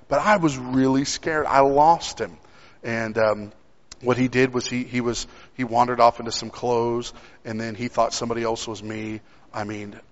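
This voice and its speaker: A young preacher with a medium pitch and a somewhat bright tone shares a personal story during a sermon, speaking conversationally and frequently restarting. The setting is a church sanctuary, captured with a dull sound and long hall reverb.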